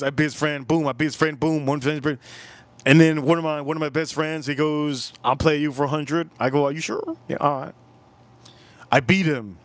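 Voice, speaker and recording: A man in his forties hosting a casual livestream outdoors, telling animated stories and calling out viewers by name. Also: a little high, no echo. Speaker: livestream host.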